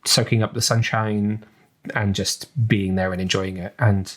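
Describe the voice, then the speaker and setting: English man co-hosting a podcast, slightly low voice, loose and rambling with plenty of fillers. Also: level tone, unhurried. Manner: chatty, rambling with many ums and restarts. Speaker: podcast co-host. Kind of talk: casual chat.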